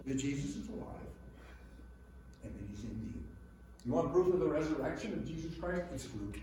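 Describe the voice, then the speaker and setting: A man preaching a sermon to a room, going from quiet musing to loud emphasis. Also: fairly high pitch, expressive, moderate pace, long pauses, slight background noise. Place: large room with an audience. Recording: echoey hall, mic far off.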